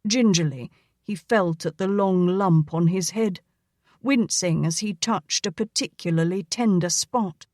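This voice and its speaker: A woman narrating a romance audiobook in a measured, even reading. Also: lowish voice, no echo, clean studio sound. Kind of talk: scripted narration.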